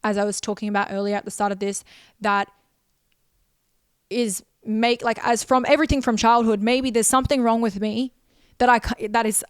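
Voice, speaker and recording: A woman's voice: on the high side, fairly even intonation, normal speed, smooth, no room sound, clean studio sound. A young woman, hosting a podcast and telling a personal story in an emotional, rambling way full of repeated phrases. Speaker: podcast host.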